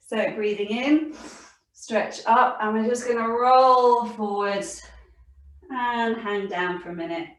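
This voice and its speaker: Echoey woman gently guiding kids' yoga. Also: fairly high pitch, slow, recorded from a distance. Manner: gentle, encouraging, laughs often. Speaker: children's yoga teacher. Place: home room with her dog and cat. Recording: very echoey room, voice from off-mic.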